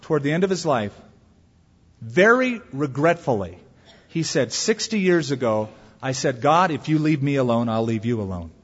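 A man pastor preaching a sermon earnestly, his voice swinging widely between loud emphatic peaks and soft low asides. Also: lively intonation, moderate pace, husky. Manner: earnest preaching with wide swings in pitch and volume. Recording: long hall reverb, dull lo-fi sound.

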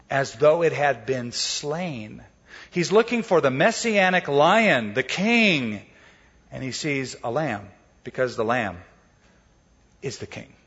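A man's voice: medium pitch, fairly bright tone, husky, long reverb tail, dull audio. A man preaching a sermon, explaining scripture in a casual storytelling way and acting out the quotes. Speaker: pastor.

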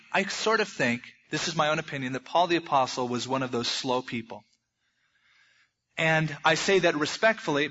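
Male preacher, folksy storyteller with jokes, higher voice, dull lo-fi sound. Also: sharp tone, breathy edge. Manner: folksy storytelling with humorous asides. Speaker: pastor. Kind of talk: sermon.

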